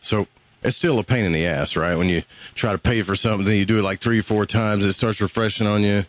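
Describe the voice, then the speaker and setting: Southern US male radio host, very deep, relaxed and rambling, swears casually. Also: fast, no room sound. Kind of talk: casual live radio talk.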